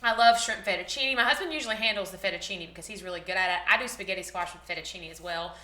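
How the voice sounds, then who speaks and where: A woman's voice: medium pitch, rapid-fire, sharp tone, roomy sound. Bubbly woman chatting to camera. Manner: chatty, bubbly, rambling with many "like" fillers. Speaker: vlogger, former teacher. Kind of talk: casual vlog chat.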